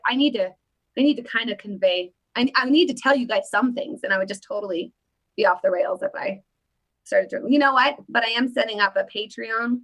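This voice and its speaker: A woman's voice: medium pitch, gravelly, fairly bright tone, rough recording. A woman hosting a casual livestream, playfully greeting viewers by name as she chats. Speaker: livestream host.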